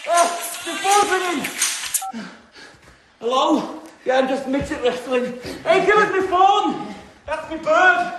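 A brash, crude lad who boasts and throws cheeky insults around. His voice is bright and forceful. A faint noise runs underneath. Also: extremely high pitch, lively intonation, takes it slowly, long pauses, full character voice. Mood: shouting. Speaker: comic character. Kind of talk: comedy sketch acting.

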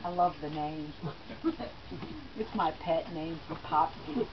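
A middle-aged woman giving a eulogy, telling family stories with gentle laughs. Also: low-pitched, takes it slowly, background noise. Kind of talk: personal eulogy speech. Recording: dull lo-fi recording.

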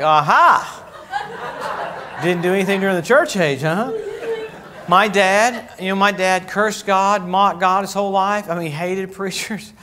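A man preaches to his congregation in an animated, joking way, breaking into little acted voices along the way. His voice sits a bit higher than most men's. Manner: animated, jokey, acts out voices. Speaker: pastor. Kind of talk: sermon. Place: church.

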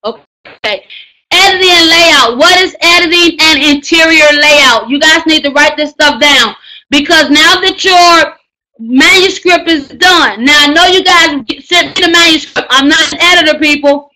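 A woman's voice: sits high, normal speed, sharp tone, low-quality recording. A woman coaching a class of book writers, speaking with emphatic, preachy energy, using slang and often raising her voice to drive points home. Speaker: writing coach teaching a book course. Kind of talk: energetic live class talk.

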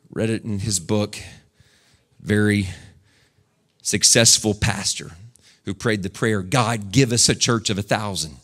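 A pastor preaching a sermon who swings between loud, high shouted lines and hushed, quiet ones, at times mock-praying in a put-on preacher's voice. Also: male voice.

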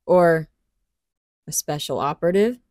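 A woman voicing a suspicious male wolf soldier who probes gruffly. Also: deep voice, lively intonation, measured pace, darkish tone, no echo, studio quality.

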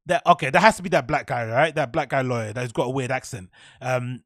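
A man's voice: mid-range voice, fairly quick, fairly bright tone, no room sound. A man hosting a podcast, reading a news article aloud and riffing on it with sarcastic, indignant commentary. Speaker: podcast host. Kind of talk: casual opinionated commentary.

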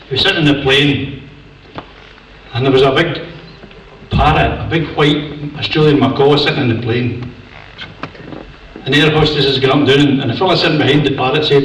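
An older Scottish comedian telling stories in a chatty, self-mocking way, his voice a bit higher than most men's. He is heard from far off in a large echoing theatre. Music plays underneath. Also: a bit bright, slight background noise. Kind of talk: stand-up comedy.

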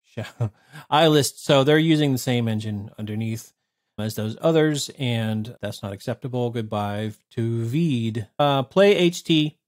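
A man in his thirties casually reviewing software, blunt and sarcastic, swearing freely. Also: medium pitch, measured pace. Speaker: tech reviewer. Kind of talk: casual screen-recorded review.

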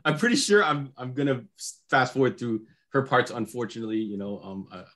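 A man's voice: medium pitch, fairly quick, fairly bright tone. Rambling, hesitant male podcast co-host. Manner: rambling, hesitant, lots of restarts. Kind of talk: casual chat.

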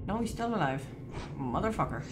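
Excitable woman streamer with a lively voice. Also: on the low side, fairly quick, a little hiss or hum. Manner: excitable, shrieks and swears at scares, coaching. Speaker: streamer playing a horror game with partner. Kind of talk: live gameplay chat.

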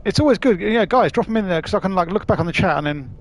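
A man's voice: high voice, lively intonation, quick pace. A man chatting casually on a live stream while playing, laughing often and swearing freely.

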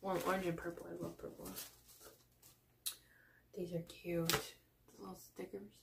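Slow-talking woman with a gravelly voice. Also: fairly low pitch, level tone, background noise. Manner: gushing, calls everything cute; self-deprecating, apologizes often. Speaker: unboxing vlogger. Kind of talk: casual unboxing chat.

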